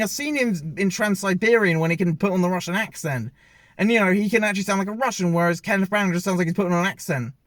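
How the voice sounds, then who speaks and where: A man's voice: sits high, no echo. Rambling man reviewing films. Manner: rambling, opinionated, often correcting himself mid-sentence. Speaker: film reviewer. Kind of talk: casual opinionated movie review. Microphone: self-filmed camera.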